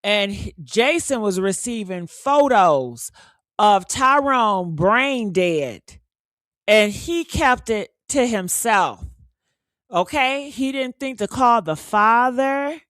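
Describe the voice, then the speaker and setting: A woman with a hoarse voice hosting a casual live stream, talking straight to her viewers. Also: fairly high pitch, animated, slow pace, a bit bright, no room sound, clean studio sound. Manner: chatty, addresses viewers directly.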